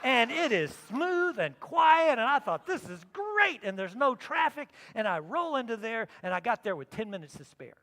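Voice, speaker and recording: A middle-aged man preaching a sermon as pastor, telling a personal story and acting out his own thoughts, sometimes loud and sometimes soft. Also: extremely high pitch, sing-song, normal speed, few pauses, a little hiss or hum. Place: church sanctuary. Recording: reverberant church sanctuary.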